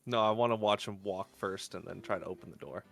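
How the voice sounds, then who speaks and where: A man with a fairly low voice, playing in a tabletop game. He speaks in a dry, offhand way. His talk is casual and unhurried. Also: vocal fry. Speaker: player.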